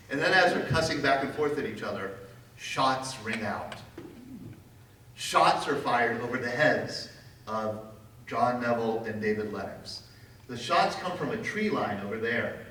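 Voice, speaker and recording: A man giving a public history lecture as a lively storyteller with wry humor. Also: medium pitch, a little hiss or hum. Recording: echoey hall from far off.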